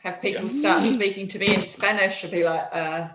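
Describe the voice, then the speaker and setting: Mid-pitched New Zealand woman, self-deprecating, in an echoey room with crowd chatter behind. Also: a little fast, muffled recording. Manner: warm backchannels, self-deprecating, laughs. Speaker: workshop participant. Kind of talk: casual chat.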